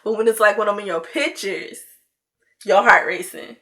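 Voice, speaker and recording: Young woman, storytime vlogger, bright and forward tone at a middle pitch, chatty and rambling, animated when quoting herself. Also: normal speed, gravelly. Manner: chatty, loose, peppered with "like" and "you know". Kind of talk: casual storytime chat.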